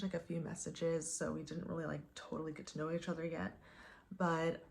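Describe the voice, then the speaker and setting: A woman's voice: sits low, vocal fry, a little mellow. A young woman telling a dating story casually, chatty and full of "like" fillers. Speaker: vlogger.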